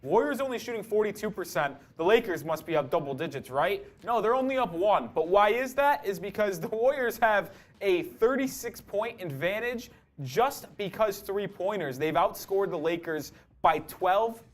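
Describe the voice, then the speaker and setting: Guy co-hosting a sports stream, kinda high voice, hyped about the stats. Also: moderate pace. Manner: excited, walks through the stats. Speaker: co-host. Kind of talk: casual sports analysis chat.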